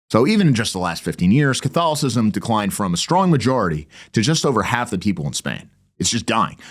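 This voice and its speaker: A man hosting a podcast, giving a sarcastic political commentary monologue in a mocking tone. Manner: sarcastic, mocking, with lively swings in pitch. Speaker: podcast host.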